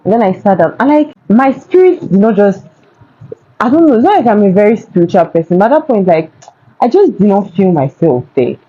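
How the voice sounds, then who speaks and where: A woman's voice: medium pitch, fairly quick. Chatty young Nigerian woman, muffled phone audio. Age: young adult. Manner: chatty, animated storytelling with laughs. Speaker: vlogger. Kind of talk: casual storytime.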